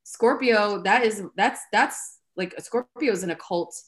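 A woman's voice: mid-range voice, moderate pace, fairly bright tone. A woman astrologer explaining birth chart placements in casual chat, earnest and full of likes and ums. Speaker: astrologer guest.

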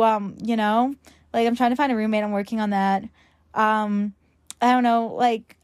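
A woman's voice: fairly high pitch, darkish tone, no echo, studio quality. A teenage girl from Long Island hosts her podcast in a rambling casual chat, filling her sentences with "like". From Long Island, New York. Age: teens. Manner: rambling, fillers of "like" throughout. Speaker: podcast host.

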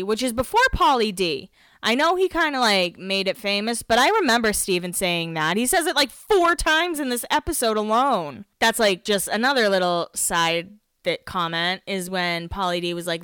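A woman's voice: medium pitch, moderate pace, fairly bright tone, clean tone, dry recording. A woman hosting a podcast, recapping an episode in a chatty, giggly, self-mocking way. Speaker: podcast host.

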